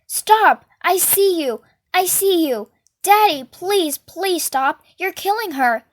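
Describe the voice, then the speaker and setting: A woman's voice: high-pitched, normal speed, no echo, studio quality, natural voice. A woman voicing a frightened, desperate teenage boy in a storybook reading, crying out urgently. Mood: desperate shouting. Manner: desperate shouting.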